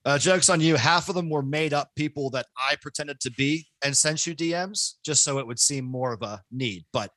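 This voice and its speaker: Loud, excitable podcast man. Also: on the high side, normal speed, few pauses, no echo. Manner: loud, excitable, self-mocking. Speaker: podcast host. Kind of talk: casual podcast chat. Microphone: home podcast microphone.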